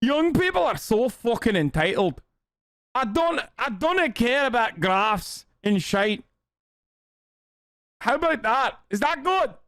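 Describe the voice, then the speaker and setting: Man voicing a gruff older Scotsman, put-on accent, high and strained, profane. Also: very animated, slow, sharp tone, dry recording, clean studio sound, heavily acted. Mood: indignant. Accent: Scottish (put on). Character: entitled-complaining older Scottish man.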